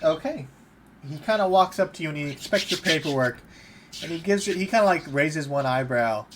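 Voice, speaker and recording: A man runs a tabletop game as game master, laying out the action in plain narration with a fairly high voice. The recording carries clear background noise. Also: expressive, a little fast. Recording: noisy home recording.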